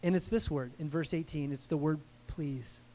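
Guy preaching a sermon, pretty high voice, chatty and animated, keeps checking in with the room. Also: normal speed. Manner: animated, conversational preaching with frequent asides. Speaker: pastor.

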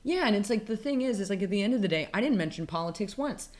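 A woman's voice: mid-range voice, lively intonation, fast talker. A woman co-hosting a casual podcast chat, ranting with heavy profanity and sarcasm. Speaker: podcast co-host.

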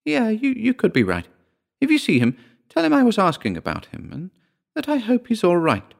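A man's voice: high voice, wildly swooping pitch, moderate pace, vocal fry, voice pushed up, exaggerated voice. A man voicing a timid older woman, the narrator's aunt, speaking hesitantly in a raised voice. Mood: worried.

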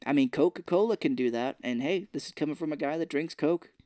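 A man's voice: a little high, quick pace, a little mellow, dry recording, studio quality. A man co-hosting a movie podcast, chatting casually and retelling scenes by acting out the characters' lines. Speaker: podcast co-host.

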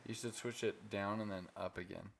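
A man's voice: fairly low pitch, steady tone, moderate pace, vocal fry, a little hiss or hum. A young man co-hosting a podcast, reacting bluntly and running the show's timing. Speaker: podcast co-host. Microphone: podcast microphone.

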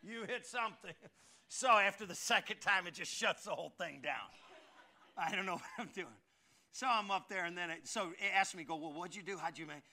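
A high, very bright and forceful male voice delivering a sermon. He tells stories with comic timing, jumping from loud exclamations down to mumbled asides. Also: moderate pace. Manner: animated, jokey, swings between shouting and muttering asides. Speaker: pastor. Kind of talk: storytelling sermon.

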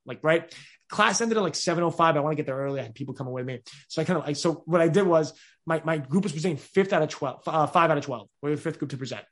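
Answers pour out of a young man in his 20s, a podcast host sitting for a casual, open interview, and he keeps restarting as he rambles very fast. His somewhat high, slightly bright voice stays energetic throughout.

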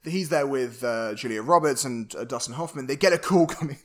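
A man's voice: medium pitch, fairly quick. A man co-hosting a casual film podcast, recapping the plot with many fillers and restarts. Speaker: podcast co-host.

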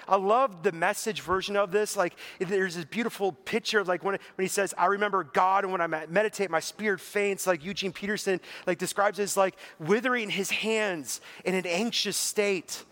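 A man with a high voice delivers a sermon in a loose, conversational way, full of "like" and restarts. He sounds earnest as he talks through a psalm, his voice sinking lower and softer in places. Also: moderate pace, few pauses. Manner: conversational, earnest, heavy use of "like"; voice drops low and soft toward the end. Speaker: preacher.

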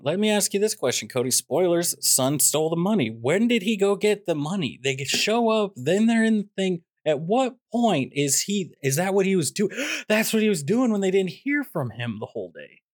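A man's voice: on the high side, very animated, normal speed, few pauses, no echo, studio quality. A man co-hosting a movie podcast, rambling through a jokey, ranting casual review. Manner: rambling, jokey, drifts into mock rants. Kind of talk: casual comedic review chat.

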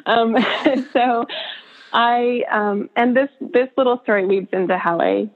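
Emotional woman telling a story over a tinny line. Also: a little high. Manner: emotional, laughs often between halting phrases. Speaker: birth photographer and guest. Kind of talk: personal storytelling in a podcast interview. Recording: tinny phone-line sound.

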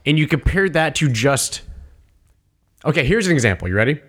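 A man co-hosting a casual podcast chat, emphatic and halting, often restarting his sentences. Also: fairly high pitch, sing-song. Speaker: podcast co-host.

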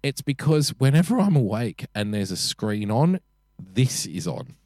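A man's voice: on the low side, very animated, measured pace. Rambling man chatting on a podcast. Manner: rambling, self-deprecating, swears casually. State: frequently sick. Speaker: podcast co-host. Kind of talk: casual podcast chat.

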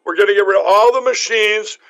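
Guy hosting a talk show, high pitched and gravelly, kinda hoarse, rambling and emphatic. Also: fairly quick, pushed and bright, rough recording. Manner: rambling, emphatic, many restarts. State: losing his voice. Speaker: show host. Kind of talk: casual talk show chat.

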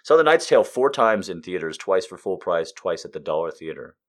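In a fairly quick, low voice with big pitch swings, a man in his thirties runs through a casual comic monologue. He curses freely, alternating loud outbursts with muttered asides.

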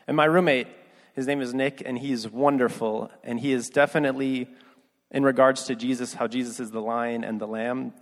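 A young man preaching, telling a personal story with earnest, quiet delivery that rises for emphasis. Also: mid-range voice. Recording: long hall reverb.

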